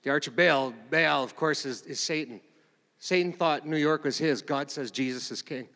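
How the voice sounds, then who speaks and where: Middle-aged male pastor, slightly high voice, chatty, rambling sermon delivery, long hall reverb. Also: moderate pace, pushed and bright. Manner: rambling, conversational, with many fillers and restarts. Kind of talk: informal sermon. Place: church meeting room.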